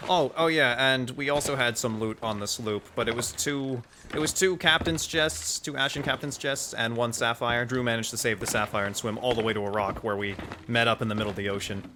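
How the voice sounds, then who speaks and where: A young man recounting a gaming mishap as casual commentary, animated and joking, with the odd swear. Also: mid-range voice, a little fast, few pauses, background noise. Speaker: gamer telling a story.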